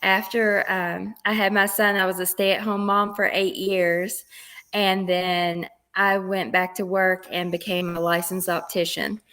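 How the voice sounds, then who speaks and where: A woman's voice: medium pitch, little pitch movement, a little slow, fairly bright tone, clean tone. A woman with a Kentucky accent, a guest chatting openly and laughing easily in an interview. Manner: open, laughs often. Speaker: guest, former wrestler. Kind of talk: casual interview chat.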